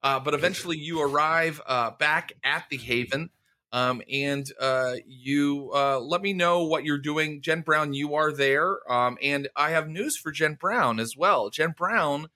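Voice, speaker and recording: Man, game master, bright forceful voice, halting good-humored chat. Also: fairly high pitch. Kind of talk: narrating a tabletop game.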